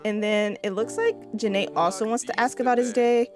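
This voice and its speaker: A woman's voice: a little high, steady tone, fairly quick, music in the background. A young woman giving casual gameplay commentary, chatty and laughing often as she talks to her viewers. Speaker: gaming video creator.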